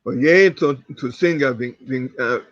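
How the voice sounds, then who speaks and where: A man's voice: medium pitch, measured pace, fairly bright tone, dry recording, muffled recording. A man reading practice sentences aloud in an online language class, careful and hesitant. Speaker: student.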